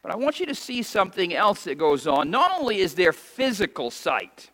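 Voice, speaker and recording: Reading scripture in archaic language, a pastor has his congregation repeat lines back to him, delivering them emphatically. His high voice is very animated, pushed and bright at a moderate pace, with long hall reverb around it.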